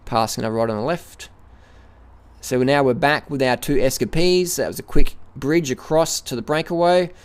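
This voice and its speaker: A middle-aged man narrates his own ride up a hill. He keeps a running play-by-play and repeats phrases as he goes. His voice sits at an average pitch for a man and is picked up outdoors by a camera on the bike. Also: normal speed, smooth. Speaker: cycling vlogger. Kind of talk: live ride commentary.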